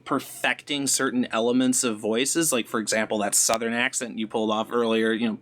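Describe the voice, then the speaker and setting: A man's voice: medium pitch, level tone, a little fast, a bit bright, slight background noise. Rambling, friendly male interviewer. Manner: rambling, friendly questions with fillers. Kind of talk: interview questions.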